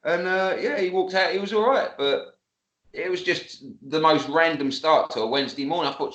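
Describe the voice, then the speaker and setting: A man spins an animated tale. He laughs often and swears freely. His voice sits a bit high and rings in a roomy space. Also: normal speed. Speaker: guest. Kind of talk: casual storytelling.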